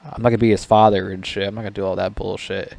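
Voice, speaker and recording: A man's voice: on the low side, flat delivery, very fast, creaky, a little mellow, no room sound. A man voicing a rude, indignant male gorilla who swears as he refuses to raise a baby. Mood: angry. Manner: cursing, indignant.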